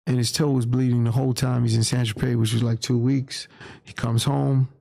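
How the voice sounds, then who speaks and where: Man, interview guest, candid storytelling, low mellow tone, dry close sound. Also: flat delivery, a little fast, creaky, no room sound. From New York. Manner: candid, plain-spoken, acts out quoted voices. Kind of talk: casual storytelling.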